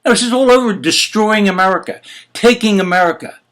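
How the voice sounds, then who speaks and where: Here the host sounds high-pitched, a bit bright, and slightly fast. His opinion-show commentary is heated: an indignant, exasperated rant laced with swearing and rhetorical questions.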